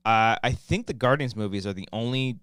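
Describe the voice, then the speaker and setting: A man's voice: medium pitch, fairly quick, fairly bright tone, smooth, no echo. A man co-hosting a podcast, chatting loosely about movies, rambling and swearing casually, a bit tipsy from wine. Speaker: podcast co-host. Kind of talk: casual chat.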